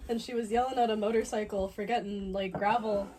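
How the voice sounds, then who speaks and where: A woman's voice: medium pitch, fairly even intonation, fairly quick, dark tone. A woman hosting a casual mukbang chat in her home kitchen, chatty and laughing often. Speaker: host.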